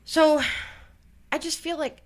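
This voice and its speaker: A woman's voice: high-pitched, little pitch movement, slow, darkish tone. A woman hosting a true-crime podcast, talking through a case in casual, blunt chat and swearing freely. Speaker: podcast host.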